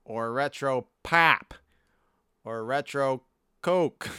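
A man's voice: mid-range voice, extremely slow, bright, forceful tone, clean tone, dry recording, clean studio sound. A man from the US East Coast co-hosting a casual podcast, joking, laughing often and wandering into tangents. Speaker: podcast co-host.

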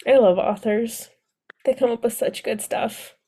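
A woman's voice: on the high side, a little slow, mellow, breathy edge. A woman co-hosting a podcast, chatting casually and gushing enthusiastically about books she loved, often laughing. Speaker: podcast co-host.

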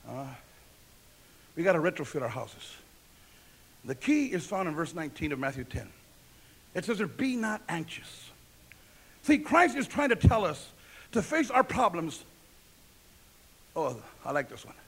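A man's voice: fairly high pitch, very animated, moderate pace, vocal fry, pauses often, fairly bright tone, husky. A male pastor preaching a sermon, emphatic and repetitive, asking the congregation questions and answering them himself.

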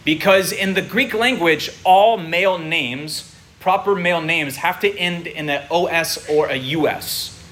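A man's voice: fairly high pitch, unhurried, fairly bright tone. A man preaching to his congregation, explaining patiently and checking in with his listeners. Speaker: pastor teaching a congregation. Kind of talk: sermon. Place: congregation room.

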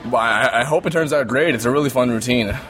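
A man's voice: medium pitch, fast, a bit bright. A man interviewed as an actor on a film set, chatting casually and joking about himself. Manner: joking, self-mocking. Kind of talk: casual behind-the-scenes chat.

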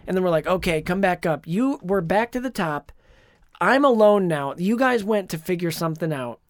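Rambling podcast co-host, dry close mic. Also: male voice, high voice, moderate pace, dry recording. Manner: rambling, animated storytelling with many fillers. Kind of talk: casual chat, retelling a dream.

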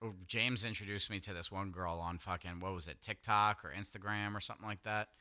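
A man's voice: on the low side, fairly even intonation, fairly quick, sharp tone, smooth. A man co-hosting a podcast, telling a rambling, filler-heavy anecdote in casual chat and laughing at himself.

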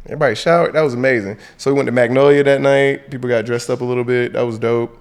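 A man co-hosting a casual chat, telling a travel story in an animated, joking way. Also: medium pitch, fast talker. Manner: animated storyteller, laughs while mimicking others. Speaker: podcast co-host.

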